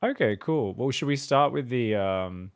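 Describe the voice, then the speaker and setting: A man's voice: medium pitch, animated, a little slow, smooth. A man who coaches a strategy game over a voice call, talking casually, laughing often and swearing now and then. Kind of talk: casual coaching chat on stream.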